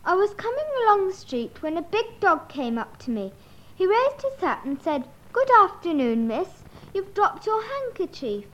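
A gossipy young woman in a very high, lively voice, eagerly recounting a story on a dull, lo-fi tape. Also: moderate pace, heavily acted. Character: chatty young woman telling a tale.

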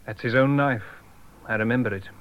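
An actor playing a shaken young man, speaking clearly and slowly for learners, on a dull lo-fi tape. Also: mid-range voice, lightly acted. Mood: tense. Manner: clear, slow learner-friendly delivery.

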